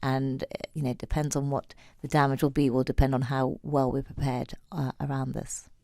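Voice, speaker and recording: A woman emergency official on a radio interview, going hoarse and urging listeners with earnest repetition. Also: extremely low pitch, level tone, normal speed, mellow, no echo, studio quality. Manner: urgent, earnest, repeats points for emphasis. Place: radio studio.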